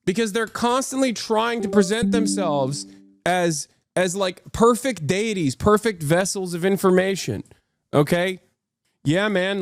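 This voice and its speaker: A man's voice: high-pitched, dry recording, studio quality. A man in his thirties hosting a stream, giving heated, sarcastic political commentary and reacting to chat. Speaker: streamer host.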